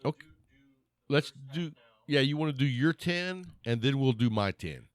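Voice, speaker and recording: Joking podcast host, lively voice. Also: male voice, mid-range voice, normal speed. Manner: joking, teasing, animated. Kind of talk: casual chat. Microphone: podcast mic in a small studio shed.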